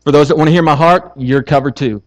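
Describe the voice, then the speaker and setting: A man's voice: a little high, fast talker, poor audio. A man preaching a passionate sermon in a conversational way, with casual asides. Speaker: pastor.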